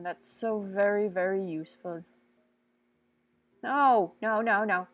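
A woman giving casual, goofy, excitable commentary while she plays a video game, often talking to the characters on screen. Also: medium pitch, slow, long pauses. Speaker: let's play gamer.

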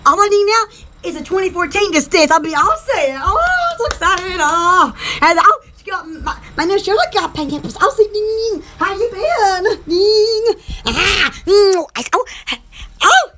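A woman hosting her own channel, chatting in a rambling, excited way and gushing over everything. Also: very high-pitched, normal speed, slight background noise. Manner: gushing, lots of "oh my gosh". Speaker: channel host. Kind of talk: rambling excited vlog chat.

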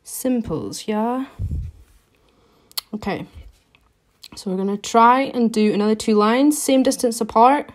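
A woman talks through a live nail art lesson, chatty and relaxed as she works, narrating each brush stroke step by step. Her voice sits a little high and her delivery is slow and unhurried. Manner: chatty, step-by-step instructions while working.

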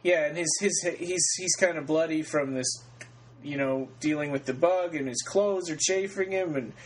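Higher-pitched man retelling a story. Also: moderate pace, low-quality recording. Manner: relaxed retelling with fillers. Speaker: podcast co-host. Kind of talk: casual book discussion.

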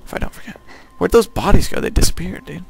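A gameplay commentator with a high, gravelly voice talks fast through a let's play, goofing around, joking and talking back to the on-screen enemies. There's a slight hiss or hum in the recording.

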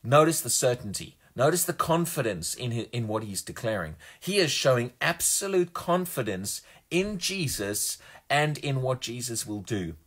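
A man's voice: mid-range voice, big pitch swings, moderate pace, a bit bright, slightly rough. A man preaching a sermon with emphasis, often repeating words as he builds a point.

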